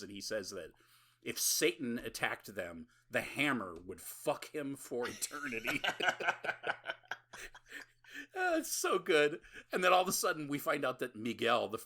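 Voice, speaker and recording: This podcast co-host has a bright, forceful tone in a mid-range register. He talks through a horror film casually and profanely, wandering off track and laughing a lot.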